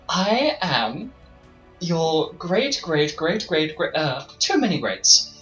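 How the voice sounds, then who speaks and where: A game master voicing a theatrical, doting ancestor spirit with an affected, drawn-out manner. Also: medium pitch, fairly bright tone, echoey room, voice pushed up. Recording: dull lo-fi mic.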